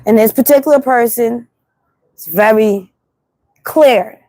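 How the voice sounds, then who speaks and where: A woman's voice: fairly high pitch, unhurried, no echo. A woman with a New York accent hosting a casual livestream monologue, talking bluntly and repeating herself as she tells stories. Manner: animated, blunt, repetitive storytelling. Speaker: livestream host. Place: city street at night.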